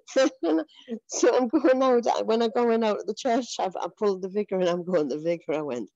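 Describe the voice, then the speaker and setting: Earnest woman, warm dull recording. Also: mid-range voice, normal speed, no echo. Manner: earnest and emotional, often laughing and repeating herself. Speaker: church member giving testimony. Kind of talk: personal faith testimony.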